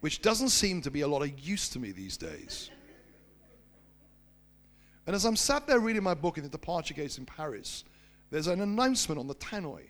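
A man preaching, telling a personal story in an animated storytelling manner and slowing down for emphasis. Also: a little high. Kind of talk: sermon storytelling.

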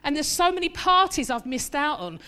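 Bright-voiced woman preaching a lively sermon. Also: sits high, normal speed. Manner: lively, conversational preaching with humorous asides.

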